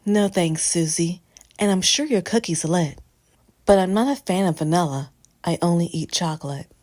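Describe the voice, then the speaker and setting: A woman's voice: lowish voice, moderate pace, darkish tone, close to an everyday voice. A woman voicing a laid-back man with slangy talk who politely declines in a rhyming storybook. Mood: breezy. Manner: breezy, slangy. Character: easygoing man who only eats chocolate. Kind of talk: storybook reading.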